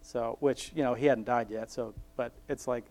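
A man's voice: medium pitch, steady tone, moderate pace, darkish tone. A young man giving a rambling, self-mocking devotional talk, laughing often and acting out quoted voices. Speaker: Christian speaker sharing a Bible reflection.

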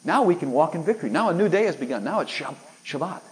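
A man's voice: a little high, expressive, fast, low-quality recording. A man preaching a sermon, emphatic and full of rhetorical questions aimed at his listeners.

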